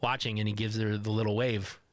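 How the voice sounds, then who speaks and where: A man's voice: on the low side, little pitch movement, a little fast, dry recording. Laid-back man on a podcast, dry sound. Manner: laid-back, swears freely, laughs often. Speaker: podcast co-host. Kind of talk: casual film recap chat.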